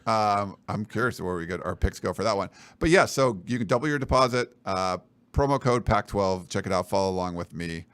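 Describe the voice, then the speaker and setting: A man's voice: fairly low pitch, expressive, a little fast, fairly bright tone, clean tone, no echo. A man co-hosting a sports podcast, joking and rambling through plugs and sponsor reads while teasing his co-host. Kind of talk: casual chat with sponsor reads.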